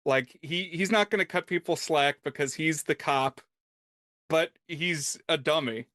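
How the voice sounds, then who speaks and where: A man co-hosting a film podcast, telling stories in a relaxed, wry way. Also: fairly high pitch, unhurried, no echo, clean studio sound. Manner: relaxed, wry storytelling, reads quotes aloud. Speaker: podcast co-host. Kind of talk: casual film podcast chat.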